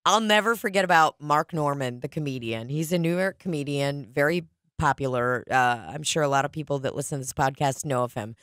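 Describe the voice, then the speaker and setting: A woman's voice: low voice, brisk, a bit bright, no room sound, clean studio sound. Profane rambling woman podcaster. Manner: profane, rambling storytelling with impressions. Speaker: podcast co-host. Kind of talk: casual podcast chat.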